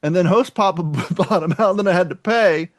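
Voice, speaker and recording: A man's voice: sits high, fairly quick, no echo. A man from Kentucky co-hosting a casual podcast, rambling, laughing often and swearing freely. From Kentucky, USA. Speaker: podcast co-host.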